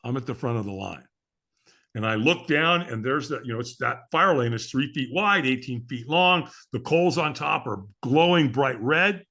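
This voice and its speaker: A man's voice: medium pitch, animated, moderate pace, pushed and bright. A middle-aged man, a podcast guest, telling a story with energy and acting out the voices of the people in it. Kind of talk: animated storytelling.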